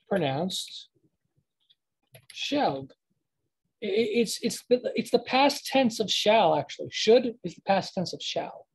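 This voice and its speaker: A woman teaches an informal language lesson in an unhurried, deliberate way. She repeats each example word several times so the listener can hear the sounds, and stops to correct herself. Her voice is husky and mid-pitched. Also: darkish tone. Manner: explains slowly, repeats words to model pronunciation, self-corrects.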